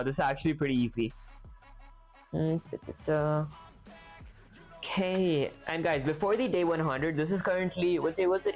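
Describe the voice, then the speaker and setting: A man on a live stream, chatting casually with his viewers while working through programming exercises, filling his talk with "like". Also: fairly high pitch. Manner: chatty, lots of "like" fillers, talks to chat. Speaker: livestreamer learning to code.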